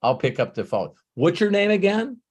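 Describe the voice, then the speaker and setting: Laid-back office guy at ease in his skin, as a male storyteller quotes him, a bit higher. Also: normal speed, breathy edge, full character voice. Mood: relaxed. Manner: casual, confident, relaxed. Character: easygoing man, office worker, relaxed.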